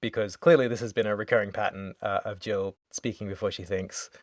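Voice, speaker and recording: A man's voice: lowish voice, fairly even intonation, brisk, dry recording, studio quality. A man co-hosting a podcast, casually recapping a story game's plot and dropping into quoted character lines. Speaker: podcast co-host. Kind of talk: casual game recap chat.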